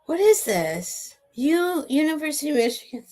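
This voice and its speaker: A middle-aged woman chatting to viewers on a live sale stream. Her voice sits a little high, and she talks in a loose, rambling way, drifting off on emotional asides. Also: lively intonation, unhurried, soft background music. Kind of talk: casual live-stream chat.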